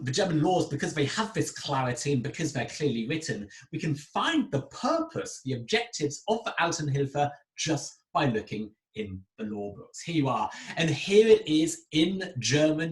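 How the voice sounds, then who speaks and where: An Englishman lectures in a recorded lesson, his pitch climbing and dropping with plenty of movement. He talks casually to the class and keeps asking them questions. The room is echoey and roomy. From Britain. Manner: chatty, asks the students direct questions. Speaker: university lecturer.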